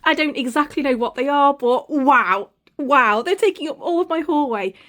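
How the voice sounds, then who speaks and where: A woman chatting casually in a home and garden vlog, excitable and gushing, laughing often and swearing freely. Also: high voice, moderate pace.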